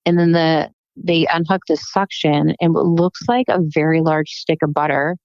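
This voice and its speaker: A woman guest on a casual podcast, telling animated stories and acting out what people said. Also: deep voice, normal speed, dry recording. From United States. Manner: animated storytelling, acts out quotes. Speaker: guest, plastic surgeon. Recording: dull, muffled podcast recording.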